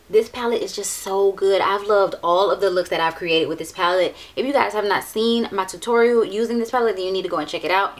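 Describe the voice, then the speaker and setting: A young adult woman beauty vlogger chatting casually through her monthly favorites, emphatic, repeating phrases and swearing freely. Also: mid-range voice.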